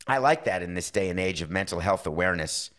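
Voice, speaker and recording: A middle-aged man with a low, expressive, slightly bright voice hosts a sports podcast. His casual monologue is opinionated, and he acts out bits of dialogue in quick asides.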